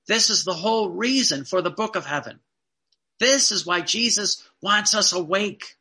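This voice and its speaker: A man preaching a sermon in an earnest, emphatic way, slowing down to stress key phrases. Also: high-pitched, expressive, pushed and bright.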